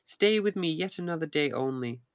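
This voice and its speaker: A man reading the lines of a tender sea princess in a storybook, speaking softly and formally. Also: fairly high pitch, animated, normal speed, no echo, clean studio sound. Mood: sorrowful. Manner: soft, formal storybook speech.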